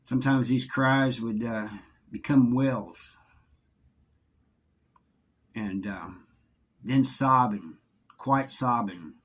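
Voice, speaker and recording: A middle-aged man telling a story from his time in prison in a casual, halting way, often repeating words. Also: medium pitch, husky. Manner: halting, repeats words, drawling Southern-sounding grammar.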